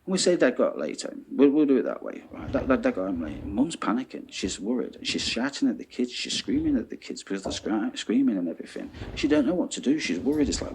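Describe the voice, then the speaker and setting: A man ranting in an animated monologue, swearing and checking in with "yeah?". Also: mid-range voice, a little fast, hardly any pauses, slightly rough. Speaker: vlogger.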